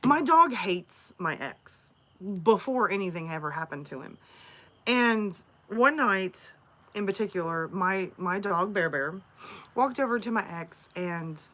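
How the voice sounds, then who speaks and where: A woman's voice: medium pitch, sing-song, unhurried, a bit bright. Chatty woman telling stories. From Alabama. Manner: chatty, rambling storytelling. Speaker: story narrator and streamer. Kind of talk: casual livestream chat.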